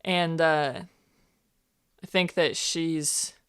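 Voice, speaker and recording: A woman's voice: sits low, fairly even intonation, very slow, a bit bright, clear, resonant tone. A woman playing in a tabletop game, laid-back and thinking aloud about her character. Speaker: player. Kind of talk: tabletop role-play.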